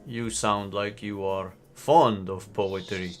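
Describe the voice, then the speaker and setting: A man's voice: lowish voice, fairly even intonation, takes it slowly, soft background music. A man running a tabletop role-play as game master, narrating casually and voicing the characters. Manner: casual, with fillers.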